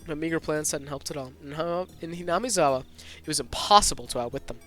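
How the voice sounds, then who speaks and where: A man's voice: a little high, fast, fairly bright tone, faint music behind. A man reading a visual novel aloud as a streamer, narrating tense first-person scenes with occasional asides. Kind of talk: dramatic story narration with asides.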